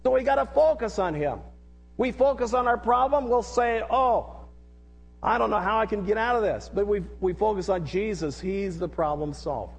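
A middle-aged male pastor preaches with earnest repetition and leads call-and-response. His voice sits high for a man. The long reverb of a large hall trails after every phrase. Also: a little fast, creaky, breathy edge. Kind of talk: sermon.

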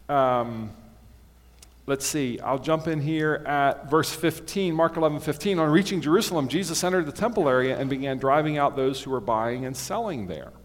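A man giving a sermon, conversational and plain-spoken, reading and explaining scripture with occasional forceful bursts. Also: a little high. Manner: conversational, rising to forceful bursts when quoting. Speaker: pastor. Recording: long hall reverb.

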